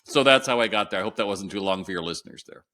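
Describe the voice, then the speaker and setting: Low-voiced man telling a lively story. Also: racing. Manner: animated storyteller acting out quoted dialogue. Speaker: guest, retail consultant. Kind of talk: storytelling in an interview.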